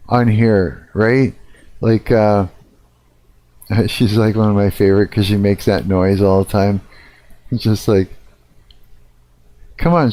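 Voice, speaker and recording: A man's voice: medium pitch, darkish tone. A middle-aged man ranting casually on a live stream, swearing a lot and rambling with fillers.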